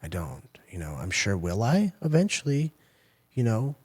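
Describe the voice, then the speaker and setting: A man in his forties, formerly a fighter and now a coach, speaks at normal speed in a lowish, husky, darkish voice with a sing-song lilt. In the interview he tells candid, profane stories full of quoted asides.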